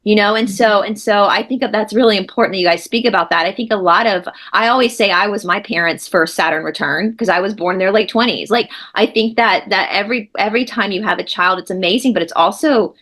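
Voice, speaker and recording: A woman's voice: medium pitch, fast talker, hardly any pauses, a bit bright. A woman, an interviewer speaking earnestly and emphatically in a casual video-call chat. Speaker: co-host interviewer.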